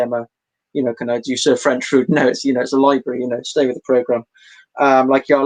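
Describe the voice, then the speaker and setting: A man's voice: mid-range voice, poor audio. A young man doing a meandering, self-deprecating stand-up set at home for an online showcase, full of fillers and restarts. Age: young adult. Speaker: stand-up comedian.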